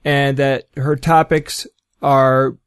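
A man's voice: mid-range voice, little pitch movement, slow, clear, resonant tone, no room sound, clean studio sound. A man on a talk show, explaining and debunking a claim with open scorn. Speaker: show regular. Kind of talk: casual chat.

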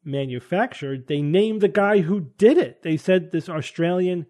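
A man's voice: high voice, unhurried, a little mellow. A man hosting a casual panel talk show, thinking aloud and hedging with frequent restarts. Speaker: podcast host.

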